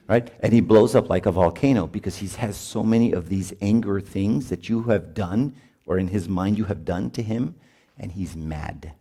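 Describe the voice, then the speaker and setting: A priest gives a chatty talk at a marriage retreat, his low-pitched voice warm in tone. He often tacks on "right?" and laughs as he goes.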